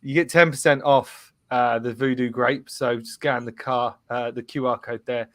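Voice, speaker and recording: A man's voice: medium pitch, steady tone, normal speed, a bit bright, no room sound. A man hosting a casual live-streamed football show, chatty, reading out viewers' comments and laughing often. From England. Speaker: host.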